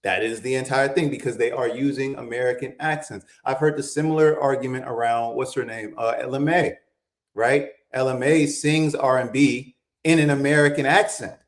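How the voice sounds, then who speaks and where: A man's voice: mid-range voice, steady tone, normal speed, echoey room. A man co-hosting a morning talk show, arguing his point insistently and rising to emphatic peaks. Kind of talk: heated debate on a talk show.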